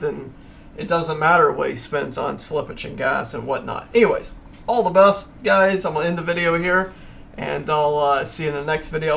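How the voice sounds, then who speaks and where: A man's voice: on the high side, gravelly, a bit bright, slight background noise. A man hosting his own video, talking casually over price charts in a rambling, filler-heavy way and urging viewers to hold on. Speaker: crypto video host.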